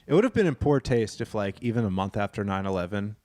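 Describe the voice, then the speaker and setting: A man's voice: fairly low pitch, big pitch swings, quick pace, darkish tone, dry recording. A man co-hosting a podcast, chatting casually, rambling and swearing with the odd silly put-on voice. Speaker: podcast co-host.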